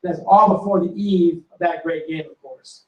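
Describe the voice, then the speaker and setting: A man telling animated football stories to an audience and acting out quotes and punchlines. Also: a little high, moderate pace, muffled recording. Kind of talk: storytelling to a live audience. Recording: roomy hall recording from a distance.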